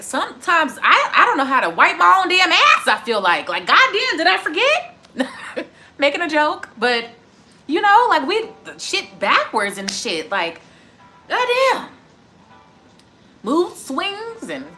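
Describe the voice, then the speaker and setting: A woman's voice: high-pitched, bright, forceful tone. A woman in her twenties, a tarot reader chatting live to her viewers in a casual, profane, heated rant. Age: 20s. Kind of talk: casual livestream chat.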